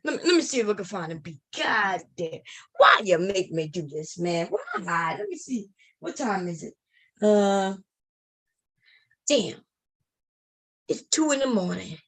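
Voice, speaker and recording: Into a computer microphone, this woman streams late at night as a comedian, spinning a crude comic tale and performing the scenes with frequent loud, animated bursts. She has a medium-pitched, breathy-edged voice, takes her time, and leaves long pauses.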